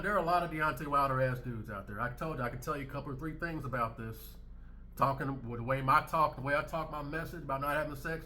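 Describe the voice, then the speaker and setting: Blunt, bright-voiced male commentator. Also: a little high, slight background noise. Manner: blunt, emphatic, repeats his points. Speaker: commentary channel host. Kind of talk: reaction commentary on clips.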